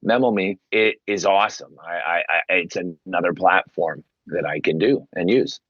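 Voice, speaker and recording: Enthusiastic male guest, expressive and emphatic, on a dull lo-fi line. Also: normal speed, no room sound. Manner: animated storyteller, acts out quotes with big pitch jumps. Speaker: guest, paid sports superfan. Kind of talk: casual interview talk.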